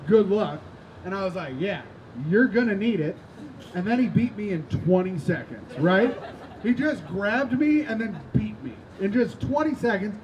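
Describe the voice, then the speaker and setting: A man with a high voice does stand-up on an outdoor rooftop, spinning rambling, self-mocking stories and bantering with the crowd. He swears freely. Steady outdoor noise sits clearly under his voice. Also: dull audio. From Indiana. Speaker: stand-up comedian. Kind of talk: stand-up set.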